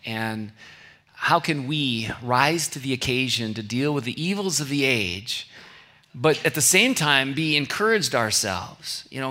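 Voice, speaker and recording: A man's voice: medium pitch, pushed and bright. A middle-aged male pastor from California, preaching in a conversational way with anecdotes and asides. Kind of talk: sermon.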